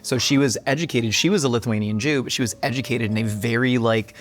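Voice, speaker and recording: A man's voice: mid-range voice, fast. A man hosting a food show, presenting dishes in a jokey, upbeat way. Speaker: host.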